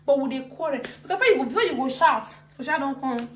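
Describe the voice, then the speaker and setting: A woman's voice: sits high, fast talker, echoey room, background noise. A woman with a Nigerian accent ranting emotionally on a live video, repeating herself with force. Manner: emotional, repetitive, animated. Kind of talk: heated live-video rant.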